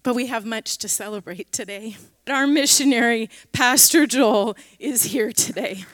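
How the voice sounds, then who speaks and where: Slow, bright-voiced female pastor. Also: fairly high pitch, long reverb tail, a faint crowd. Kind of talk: church welcome and announcements. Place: church sanctuary.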